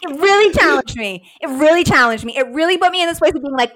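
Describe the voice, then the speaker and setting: A woman co-hosting a casual sports podcast, animated and laughing, acting out quotes as she talks. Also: sits high, quick pace, few pauses. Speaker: podcast co-host. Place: room at home. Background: sirens outside window.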